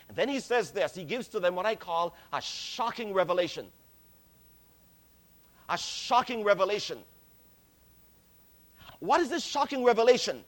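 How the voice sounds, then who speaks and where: A man preaching a sermon, slow and deliberate, stressing key words and calling his listeners friends. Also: high-pitched, very animated, a bit bright.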